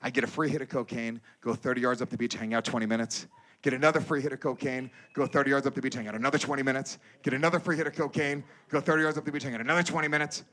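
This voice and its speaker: A man performing a stand-up comedy set on stage, telling a crude story in an animated way and breaking into loud impressions. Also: medium pitch, racing. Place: comedy stage before a live audience.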